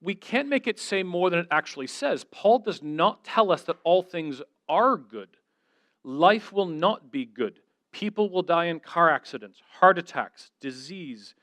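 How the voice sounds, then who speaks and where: Earnest middle-aged man preaching, slightly high. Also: expressive, unhurried, a bit bright, dry recording. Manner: earnest, storytelling, voices quoted people. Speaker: guest speaker. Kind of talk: conversational sermon.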